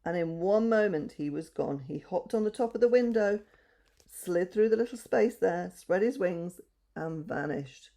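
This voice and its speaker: A woman reading a children's story aloud, gentle and measured. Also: on the low side, lively intonation.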